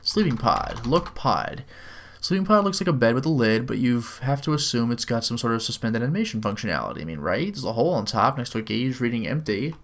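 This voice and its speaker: A man reading out a text adventure game and typing commands, with dry, wry asides and slowly drawled commands. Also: medium pitch, sing-song. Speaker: game video host. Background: faint keyboard typing.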